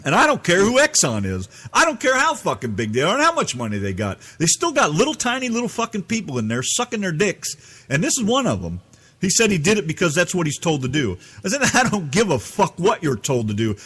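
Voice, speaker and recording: A man's voice: high-pitched, wildly swooping pitch, brisk, fairly bright tone, breathy edge. A man from the United States telling an angry, profane story as a podcast co-host. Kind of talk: ranting storytelling.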